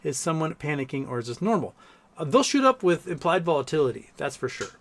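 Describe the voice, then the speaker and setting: A man's voice: on the high side, very animated, quick pace, a bit bright. A man hosting a casual livestream, reading chat messages aloud and telling long, rambling stories with plenty of swearing. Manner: rambling, profane, storytelling, reads chat aloud. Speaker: livestream host.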